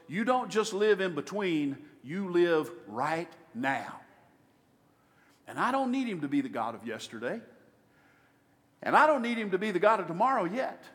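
High, bright-voiced preacher in a hall. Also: male voice, sing-song, moderate pace. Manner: dramatic, acts out God and Moses in his retelling. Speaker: pastor. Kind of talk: sermon. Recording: reverberant hall.

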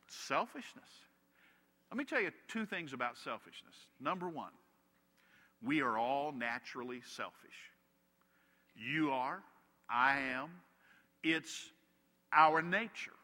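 A man's voice: medium pitch, lively intonation, takes it slowly, pauses often, bright, forceful tone. A man preaching a sermon as a pastor, telling humorous stories to make his point. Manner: storytelling with humorous anecdotes. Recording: long hall reverb.

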